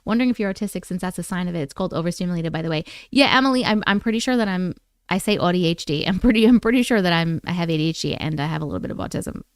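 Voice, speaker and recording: A woman's voice: fairly low pitch, racing, clear, resonant tone, no echo, studio quality. A woman hosting a casual livestream, chatting and greeting viewers by name in a bubbly way. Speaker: livestream host. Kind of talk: casual chat reading live comments.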